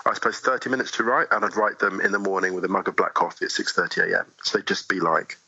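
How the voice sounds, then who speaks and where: Husky bright-toned man, animated talker. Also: low-pitched, dry recording, highs cut off. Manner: animated, laughs easily, fast asides. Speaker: guest poet. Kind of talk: casual podcast chat.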